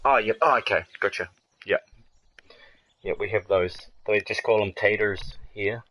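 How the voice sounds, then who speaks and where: A man's voice: lowish voice, normal speed, pushed and bright, poor audio. A man with a New Zealand accent in casual online game chat, laid-back and chuckling, swearing now and then. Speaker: gamer chatting in an online party.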